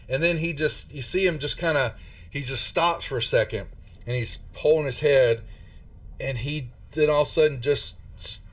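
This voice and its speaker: A man with a drawl runs a tabletop horror game as its game master. He narrates in a rambling, halting way, full of fillers and false starts, at an average pitch for a man.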